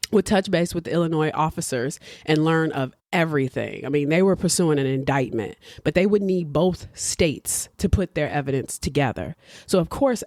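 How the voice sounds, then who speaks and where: A woman's voice: deep voice, a little mellow, no room sound, clean studio sound. A woman podcast host telling a true-crime story in a casual, chatty way with blunt asides.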